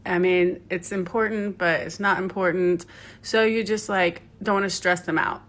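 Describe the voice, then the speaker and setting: In a lowish, steady-toned voice at a moderate pace, a woman who teaches yoga tells a chatty, meandering story. She drops in plenty of fillers and talks directly to the listener along the way.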